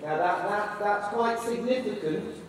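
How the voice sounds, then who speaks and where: A man coaching a dressage rider, slightly high-voiced and full of steady praise and playful teasing. He sounds distant from the microphone, with his voice booming around a big indoor arena and a long reverb tail. Faint ambient hiss sits underneath. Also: measured pace. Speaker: riding instructor. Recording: echoey arena, voice from far off.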